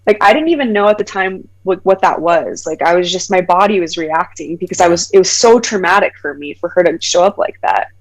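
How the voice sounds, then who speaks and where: A woman in her thirties, a podcast guest, telling a personal story in conversation, animated, acting out the voices of the people she quotes, with many "like" fillers. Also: fairly low pitch, brisk, few pauses, low-quality recording. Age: 30s.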